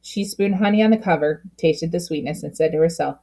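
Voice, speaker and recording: A woman reading a children's book aloud with expressive storytelling, slowing down at key moments. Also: sits low. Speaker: storybook reader.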